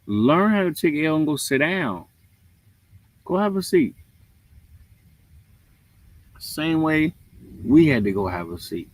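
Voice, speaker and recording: A man's voice: fairly high pitch, slow, pauses often. A man hosting a livestream, giving a casual, preachy rant with jokes. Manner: animated, preachy, joking. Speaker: livestream host.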